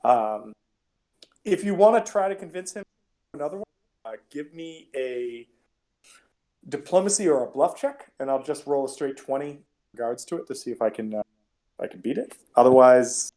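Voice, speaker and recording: A man's voice: medium pitch, animated, normal speed, pauses often, a little mellow. A man narrating as game master of a tabletop game, chatty and rambling with many fillers.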